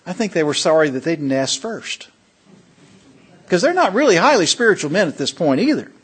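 A man's voice: high-pitched, sing-song, normal speed, fairly bright tone, slightly rough. A man pastor delivering a sermon, emphatic and asking the congregation questions as he goes.

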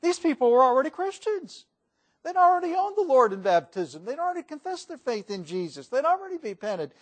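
Man, preacher, high voice, folksy, emphatic sermon. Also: very animated, a little fast. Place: church.

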